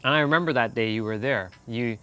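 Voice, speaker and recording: A Canadian man chats casually on a live stream, medium-pitched and fast, rambling animatedly and laughing often as he talks to viewers.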